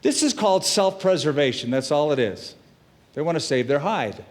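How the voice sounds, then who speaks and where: A middle-aged man delivers a sermon with a voice a little higher than most men's. He tells the story in an animated way, slipping into the characters' words with lively jumps in pitch and loudness. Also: normal speed. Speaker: pastor.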